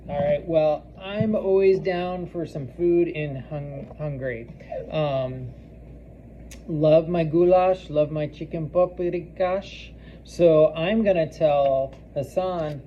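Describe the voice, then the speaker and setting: A man teaching a recorded class lesson, halting with many ums and restarts and repeating foreign phrases slowly for practice. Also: a little high, warm tone, lo-fi sound, slight background noise. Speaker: language teacher.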